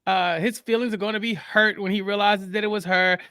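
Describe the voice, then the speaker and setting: A man's voice: sits high, steady tone, fairly quick, bright, forceful tone, clean tone, no room sound, clean studio sound. A man guesting on a podcast who talks casually and jokes at his own expense. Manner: joking, self-deprecating. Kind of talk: casual recap chat.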